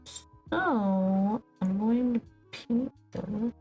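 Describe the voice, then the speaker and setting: A young woman paints on a livestream, chatting in a rambling way and often tripping over her words, with faint music in the background. Her voice is warm and a little high, animated but very slow.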